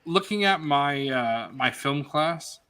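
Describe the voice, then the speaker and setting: A man's voice: fairly high pitch, expressive, slow pace, pushed and bright, smooth. A young man from New York with a mild New York accent, co-hosting a livestream and telling stories in a chatty, stumbling way. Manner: chatty storyteller, stumbling over words. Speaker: co-host. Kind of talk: casual livestream chat.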